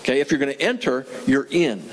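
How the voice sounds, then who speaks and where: A man's voice: medium pitch, lively intonation, fast talker, slight background noise, poor audio. A man preaching a sermon as a pastor, talking in a conversational way, asking his listeners questions and repeating key phrases for emphasis. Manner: conversational, asks the audience questions.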